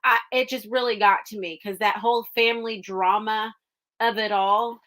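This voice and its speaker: A woman's voice: mid-range voice, fairly even intonation, normal speed, fairly bright tone. A woman co-hosting a podcast, chatting casually and emotionally about movies she loved. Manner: gushing, emotional, enthusiastic. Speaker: podcast co-host. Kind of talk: casual movie review chat.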